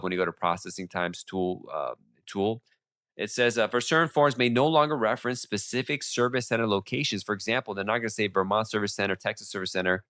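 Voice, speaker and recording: A male podcast host with a sore throat, giving legal updates in a fast, casual monologue full of restarts and fillers. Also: fairly low pitch, fairly bright tone, dry recording, studio quality.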